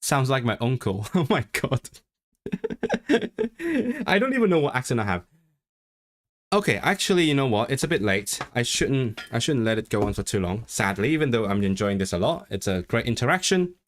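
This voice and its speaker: A young man hosting a casual livestream, rambling and often correcting himself while he slowly reads practice sentences aloud. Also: mid-range voice, sing-song. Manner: rambling, self-correcting, chatty. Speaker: livestream host.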